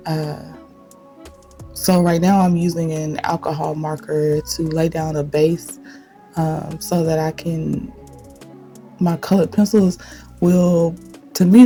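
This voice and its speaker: A woman hosting an art channel, chatting in a laid-back way while she sketches, her voice still deep from the morning. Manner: relaxed and chatty. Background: faint background music.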